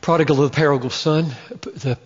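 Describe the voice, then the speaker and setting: A man preaching a sermon, emphatic and deliberate, with slow dramatic pauses that build to a point. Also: a little high, fairly even intonation. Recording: muffled, long hall reverb.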